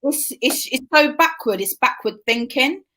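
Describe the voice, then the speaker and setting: A woman's voice: high-pitched, animated, moderate pace, a crowd in the background. A woman talk show host chatting casually and supportively with her guest. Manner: supportive, affirming. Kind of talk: casual interview chat.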